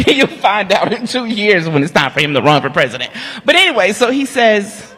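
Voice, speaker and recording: A woman, an award honoree giving an animated, humorous storytelling speech that talks straight to the audience. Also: medium pitch, a little fast, breathy edge. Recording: long hall reverb.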